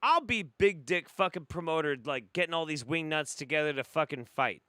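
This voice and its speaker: A man's voice: on the high side, animated, moderate pace, sharp tone, clear, resonant tone, no echo, studio quality. A man hosting a reaction commentary show, swearing freely and breaking into incredulous laughter. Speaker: host.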